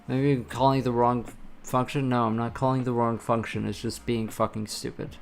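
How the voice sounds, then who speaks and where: A man's voice: mid-range voice, level tone, moderate pace, vocal fry. A man streaming himself programming, muttering and swearing in exasperation as he reads error messages aloud. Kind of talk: frustrated live-coding commentary. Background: soft lo-fi music and keyboard typing.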